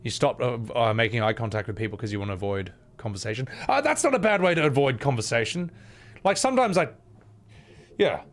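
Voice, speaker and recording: A man's voice: medium pitch, expressive, fairly quick. A man streaming a game, rambling and self-deprecating in casual commentary. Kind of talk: casual gameplay commentary with voice acting.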